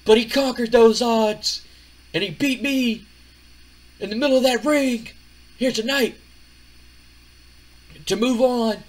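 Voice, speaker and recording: A man putting on the voice of a brash, boastful male wrestler cutting a shouted, drawn-out promo. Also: very high voice, voice pushed up, heavily acted, low-quality recording. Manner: shouting, swaggering, drawn-out delivery.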